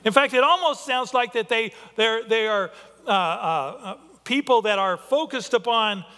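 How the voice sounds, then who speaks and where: A male pastor delivers a sermon in a high, bright voice. He is earnest and thinks aloud, often stopping to restart a sentence. The sound carries a long reverb, as in a large hall. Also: moderate pace. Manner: earnest, with frequent restarts and filler.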